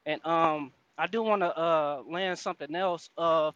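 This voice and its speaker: A man telling his own experience in a live audio chat room, earnest and halting, with many fillers. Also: a little high, highs cut off, a crowd in the background. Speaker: room speaker.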